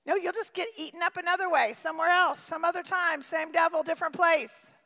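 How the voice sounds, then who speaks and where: A woman preaching a sermon with emphatic swings from shouting to near-quiet. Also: very high voice, steady tone, fairly quick, long reverb tail.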